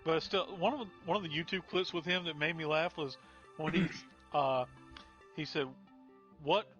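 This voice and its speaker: A man chats on a podcast and tells funny stories with energy, laughing at his own punchlines. His bright, fairly high voice comes through a slightly dull, lo-fi mic. Faint music plays behind him. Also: normal speed. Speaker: podcast co-host. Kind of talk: casual podcast chat.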